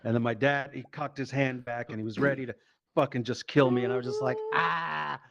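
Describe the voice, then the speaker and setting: A man doing a stand-up set, telling a profane, animated story and acting out the quotes. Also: mid-range voice, fast talker, background noise. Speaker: stand-up comedian. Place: live comedy show.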